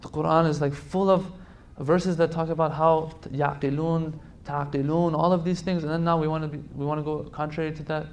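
A man's voice: a little high, little pitch movement, a little fast, few pauses. Emphatic man giving a religious lecture. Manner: emphatic, repeats phrases for stress; speaks directly to listeners with pleading asides.

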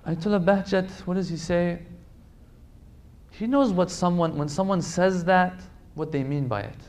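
A man delivering a religious lecture in a somewhat high voice. He speaks emphatically, repeating phrases to drive points home and turning to plead directly with his audience. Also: normal speed, a little mellow.

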